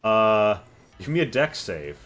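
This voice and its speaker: A man running a tabletop game as game master, narrating in a relaxed, rambling way with many fillers. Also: lowish voice, takes it slowly.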